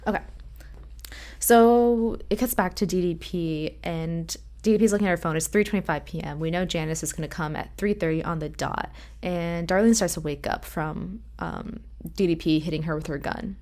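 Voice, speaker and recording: A woman's voice: on the low side, normal speed. A woman co-hosting a podcast, casually recapping a TV episode and animatedly acting out the characters' lines. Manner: animated retelling of scenes, acting out quotes. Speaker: podcast co-host.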